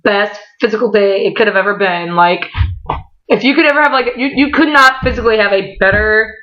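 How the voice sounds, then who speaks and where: A young woman recounts a story to the camera in a loose, rambling vlog style, stacking up fillers and breaking into excited swearing and laughter. Her voice is bright and tense. The recording sounds dull and lo-fi. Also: medium pitch, a little fast. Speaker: vlogger.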